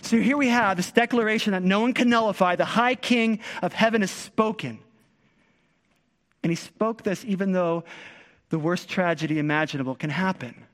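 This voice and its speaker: A man with a high voice preaching a sermon in a large hall that rings with long reverb. He preaches with passion, pushing hard on some phrases and dropping to near hush on others. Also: normal speed. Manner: impassioned, swings between loud emphasis and hushed tones. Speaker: pastor.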